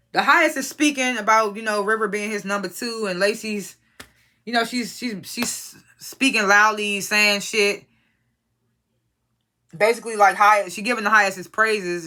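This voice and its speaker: Casual show reviewer, bright and forceful tone, rambling and profane, mid-range pitch. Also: normal speed. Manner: rambling, profane, incredulous asides. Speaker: TV episode reviewer.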